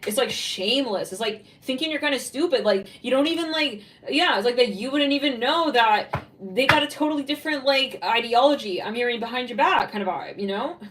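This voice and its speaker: A woman's voice: a little high, animated, brisk, a bit bright, far from the mic, a little hiss or hum, poor audio. Blunt, rambling woman reading tarot. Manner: blunt, swearing, rambling channeled speech. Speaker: tarot reader.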